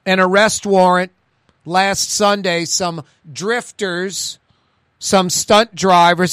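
A man's voice: sits high, fairly even intonation, slow pace, a bit bright, smooth, no echo. New Orleans-accented male radio host, rambling and chatty, dry close sound. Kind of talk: casual radio talk.

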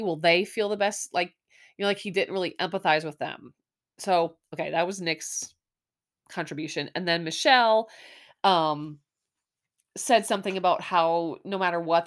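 Young woman podcast host from Missouri, slightly low voice, chatty and rambling with plenty of fillers. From Missouri, USA. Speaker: podcast host recapping a reality show. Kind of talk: casual chat.

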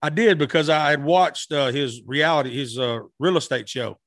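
A man's voice: on the high side, moderate pace, fairly bright tone, no room sound, clean studio sound. A middle-aged man telling stories as a guest musician in a casual interview, rambling with frequent restarts.

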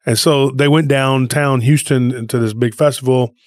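Male podcast co-host, rambling animated storyteller, dry close sound. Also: medium pitch, normal speed, dry recording. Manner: rambling, animated retelling with frequent restarts.

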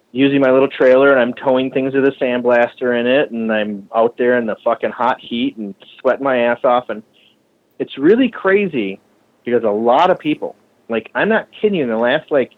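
A man from the Minneapolis area who runs a shop and builds bikes, talking casually and with lots of swearing, often acting out other people's lines in a higher voice. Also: phone-quality sound. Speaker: shop owner and bike builder. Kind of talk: casual podcast conversation.

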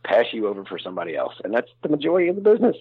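A man's voice: medium pitch, huge pitch swings, rapid-fire, husky, no echo, narrow, tinny audio. A man talking frankly in a casual interview, rambling and self-deprecating with many restarts. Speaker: voice actor guest.

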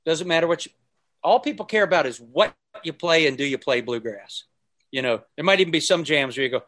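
Fairly high in pitch and fairly quick, a man appears as a podcast guest telling stories in a loose conversation. He acts out those he quotes and sings snippets, an animated storyteller throughout.

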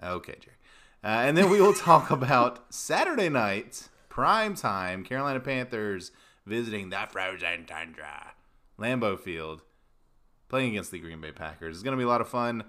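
Man, podcast host, lowish voice, lively intonation, casual laughing chat. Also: moderate pace. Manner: laughs often, loose rambling delivery.

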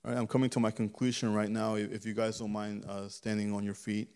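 A man's voice: on the low side, flat delivery, quick pace, darkish tone. A man preaching a sermon in a church, his voice giving out, with a fervent, repetitive cadence that moves into a closing prayer.

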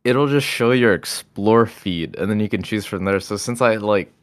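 A young man co-hosting a casual chat, laid-back and joking, quick to laugh. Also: fairly low pitch, no room sound, studio quality. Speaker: podcast co-host.

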